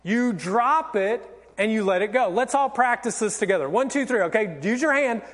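A male pastor giving an animated, theatrical sermon, acting out everyday examples. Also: sits high, normal speed. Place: church sanctuary. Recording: long church reverb.

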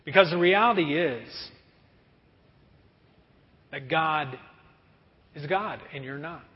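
A pastor preaching a sermon to a congregation, lively and often acting out everyday scenes in quick put-on voices. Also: male voice, on the high side. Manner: animated, acts out kids and parents in quick voices. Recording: muffled sound with long hall reverb.

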